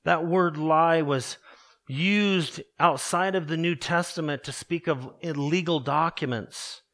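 A man preaching a sermon earnestly, slowing down and dropping his voice low to stress key words. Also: a bit bright. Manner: earnest preaching, slows and drops low for emphasis. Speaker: pastor.

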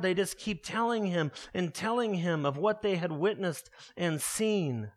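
A man's voice: high voice, unhurried, a bit bright. A man preaching an earnest expository sermon, calling his listeners beloved.

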